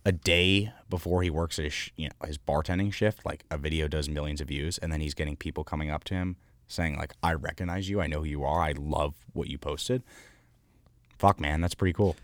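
Speaking at a quick clip, a low-pitched man who founded an artist house rambles through energetic stories on a podcast, swearing and using fillers freely. It's a casual interview, captured close and dry with no echo.

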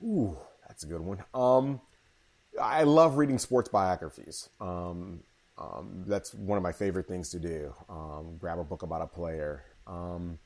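A man with a fairly low voice tells stories from his broadcasting career. He is animated and loose, full of fillers and restarts, as a guest in a casual interview. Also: measured pace. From Chicago.

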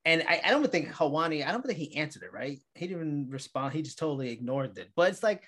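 A New Yorker in a casual chat, laughing often and talking in quick bursts. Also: mid-range voice, very animated, fairly bright tone. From New York area, USA.

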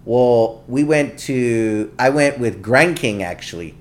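A man guest on a podcast, telling laid-back, animated anecdotes in a casual conversation. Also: mid-range voice, slow. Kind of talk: casual storytelling.

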